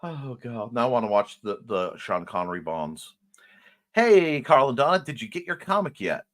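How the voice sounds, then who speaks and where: Male stream host, chatty, animated, reads chat aloud. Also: mid-range voice, normal speed. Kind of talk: casual livestream chat, reading out comments.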